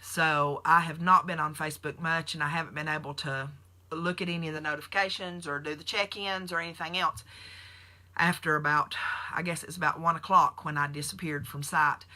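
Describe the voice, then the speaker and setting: A woman in her forties talks straight to her viewers in a chatty live video, spinning homespun stories. Her voice sits a bit low but has a sharp, forceful edge. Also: fairly even intonation, brisk. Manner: folksy storyteller, addresses viewers directly. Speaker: nurse hosting a keto support group.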